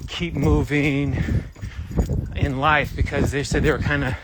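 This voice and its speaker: A man's voice: on the high side, level tone, unhurried. A young man, out of breath on a morning jog, giving earnest, rambling motivational talk to his viewers. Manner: earnest, rambling, searching for words. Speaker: vlogger. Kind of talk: motivational talk while jogging. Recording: loud outdoor noise.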